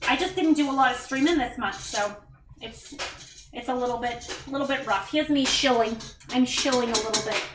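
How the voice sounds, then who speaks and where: Chatting casually as she cooks on a livestream, a mother in her home kitchen thanks viewers by name and makes self-deprecating remarks. Her voice is a little high at normal speed, far from the mic and somewhat off-mic, in an echoey room with heavy background noise.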